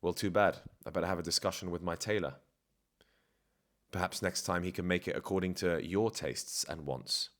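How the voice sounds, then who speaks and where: A man playing a suave, unflappable male spy, calm and slick. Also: deep voice, moderate pace, voice pushed down. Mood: condescending.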